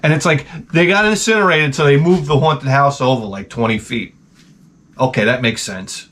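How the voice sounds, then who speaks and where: A man's voice: fairly high pitch, a little fast, a bit bright. A man in his forties, the channel host, telling a profane, rambling comedic rant.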